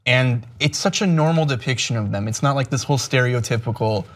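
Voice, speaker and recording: A man's voice: mid-range voice, fairly quick, fairly bright tone. Easygoing male talk show co-host. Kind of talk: casual chat.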